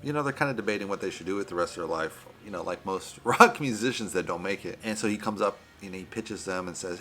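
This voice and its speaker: A man's voice: fairly low pitch, quick pace, hardly any pauses, a bit bright. A man giving a casual, rambling movie review on his vlog, often saying "you know" and "right".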